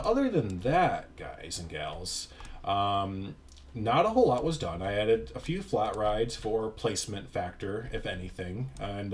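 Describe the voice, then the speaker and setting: A young man talks over his gameplay in a loose, rambling way, full of fillers and little self-deprecating asides. His voice sits on the low side for a man. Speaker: YouTuber. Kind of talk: casual gameplay commentary.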